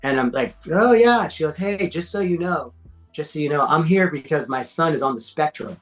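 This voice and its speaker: A man's voice: a little high, a little fast, fairly bright tone, soft background music, low-quality recording. A man in his forties, a podcast guest, telling stories in casual chat, slangy and swearing, acting out quotes. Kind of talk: casual storytelling.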